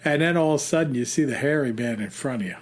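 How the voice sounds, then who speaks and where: A man co-hosting a podcast in casual chat, excitable and quick to laugh. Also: medium pitch. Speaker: podcast co-host.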